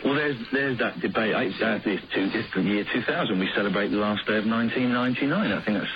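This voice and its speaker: A man's voice: lowish voice, fast talker, pitched below the performer's own voice, natural voice. A man voicing a dim, over-eager posh caller on a radio phone-in who rambles and repeats himself. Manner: rambling, repetitive, over-enthusiastic. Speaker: prank caller. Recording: lo-fi old radio recording with hiss.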